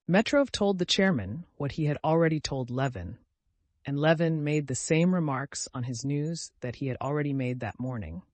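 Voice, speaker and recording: A man reading a classic novel aloud as an audiobook narrator, in an even, measured way. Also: medium pitch, dry recording. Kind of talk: scripted narration.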